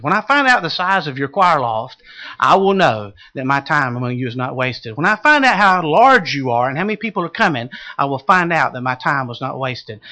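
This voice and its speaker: A man preaching a sermon, swinging from loud calls to hushed low asides. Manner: dramatic shifts from shouting to hushed low tones.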